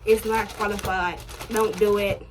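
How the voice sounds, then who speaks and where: A young adult woman telling a personal story to her viewers in a casual vlog, slangy and full of swearing, getting louder and higher when excited. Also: a little slow, a little hiss or hum. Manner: chatty, slangy and profane, addressing viewers directly; animated, rising loud and high when excited. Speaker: vlogger.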